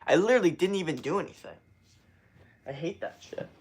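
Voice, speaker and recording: A man's voice: on the high side, animated, a little fast, husky. Profane young man chatting on a livestream. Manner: loose, rambling and heavily profane. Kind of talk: casual livestream chat to viewers.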